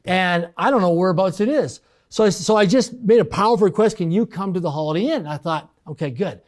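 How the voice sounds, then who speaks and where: A fast-talking man whose voice sits high appears as a podcast guest, casually relating a personal business story. He brings it to life by animatedly voicing the people he quotes.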